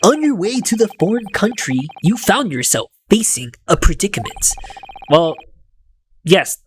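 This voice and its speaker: A woman's voice: mid-range voice, sing-song, measured pace, a little hiss or hum. Woman voicing a flustered accused young man. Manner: flustered, apologetic.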